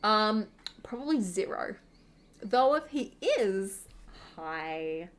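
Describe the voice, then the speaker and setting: A young woman chats casually while playing a video game. She rambles and circles back often, piling up filler words. Her voice sits at a middling pitch for a woman. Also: animated, normal speed, a little hiss or hum. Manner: rambling, filler-heavy, chatty. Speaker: gaming channel host. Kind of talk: casual chat over gameplay.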